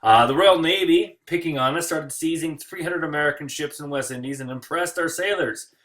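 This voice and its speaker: A man's voice: on the high side, fairly quick, fairly bright tone. A man teaching history in a casual recorded lecture, joking often and talking loosely with many fillers.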